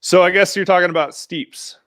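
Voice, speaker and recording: A man's voice: sits high, fairly even intonation, brisk, fairly bright tone, dry recording, clean studio sound. A man telling stories as a podcast guest in a laid-back, casual way, with frequent fillers. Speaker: podcast guest, mountain bike rider. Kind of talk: casual interview chat.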